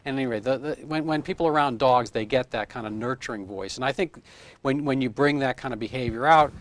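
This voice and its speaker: In a relaxed interview, a doctor in his 50s with a mid-range voice talks fast, meandering through his explanations and illustrating them with down-home comparisons.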